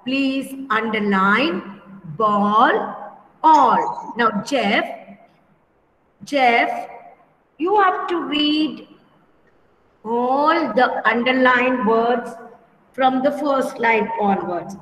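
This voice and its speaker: Woman, teacher, online class, slow patient repetition, high-pitched, echoey room with long reverb. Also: animated, a bit bright. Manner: slow, patient, repeats words and calls pupils by name. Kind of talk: online class for young children. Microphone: computer mic on a video call.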